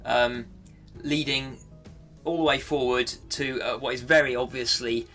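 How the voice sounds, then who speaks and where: A man narrating a tabletop game as game master, halting with many fillers. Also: mid-range voice, fairly even intonation, sharp tone, faint music behind.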